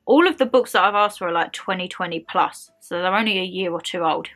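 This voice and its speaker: A woman's voice: on the low side, brisk, a bit bright, soft background music. A woman chatting casually in a home vlog, rambling through stories and peppering them with "like". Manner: chatty, rambling storytelling with lots of "like". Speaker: vlogger.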